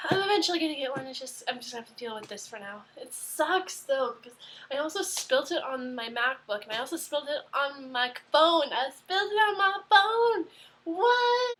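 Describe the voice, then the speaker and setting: Bright-voiced chatty young woman. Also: sits high. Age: early 20s. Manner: rambling, excitable, lots of fillers. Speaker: vlogger. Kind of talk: casual chatty vlog. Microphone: webcam mic.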